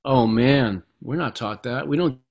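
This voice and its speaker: A man's voice: mid-range voice, measured pace, darkish tone. A middle-aged man, a guest author in an interview, speaking reflectively and repeating words as he gathers his thoughts. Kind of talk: conversational interview.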